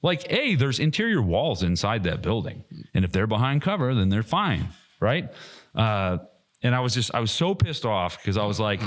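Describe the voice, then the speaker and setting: A man co-hosting a podcast, telling a heated, profane story with loud mocking quotes. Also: lowish voice, sing-song, normal speed. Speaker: podcast co-host. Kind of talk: casual podcast chat.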